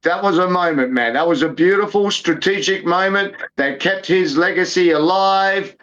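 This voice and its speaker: 50s guy hyping fight picks, kinda high voice, swears a lot, dull muffled audio. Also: moderate pace, fairly bright tone. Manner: emphatic, repetitive, swears freely. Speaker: podcast co-host. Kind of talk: casual sports banter. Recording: dull lo-fi sound.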